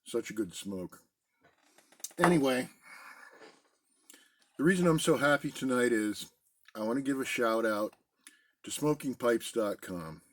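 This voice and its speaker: A middle-aged man chatting casually in a relaxed, rambling way from a basement den at home. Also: medium pitch, unhurried, pauses often. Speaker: pipe-smoking video host. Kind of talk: casual pipe-smoking chat.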